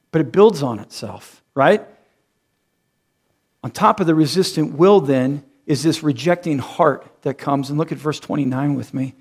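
Animated preacher man, fairly high voice. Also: normal speed. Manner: animated, acts out quoted voices, laughs at own jokes. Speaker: pastor. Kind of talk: sermon.

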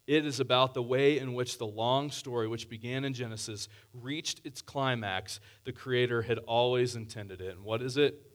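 A man's voice: medium pitch, normal speed, hardly any pauses. Man preaching an earnest conversational sermon. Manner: earnest, conversational with scripture readings. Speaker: pastor.

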